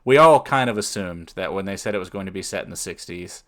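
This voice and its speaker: A man co-hosts a relaxed podcast conversation. His voice sits very low, and he talks in an even, unhurried way. He keeps reaching for ums and uhs as he thinks aloud. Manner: measured, with many fillers. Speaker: podcast co-host. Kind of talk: casual chat.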